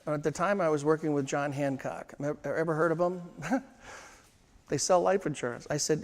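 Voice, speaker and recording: A man giving a sales training seminar to a live room, emphatic and slowing down to drive home his points. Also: fairly high pitch. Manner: emphatic, slows down to stress points. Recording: long hall reverb.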